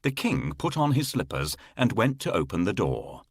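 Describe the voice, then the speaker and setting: Husky man reading a children's fairy tale. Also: lowish voice, dry recording. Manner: expressive, drawn-out storytelling. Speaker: storyteller.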